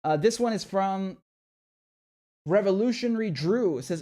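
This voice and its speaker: A man's voice: high-pitched, moderate pace, pauses often, a little mellow. A man hosting a casual livestream, talking in a rambling, chatty way with many restarts. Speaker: livestream host.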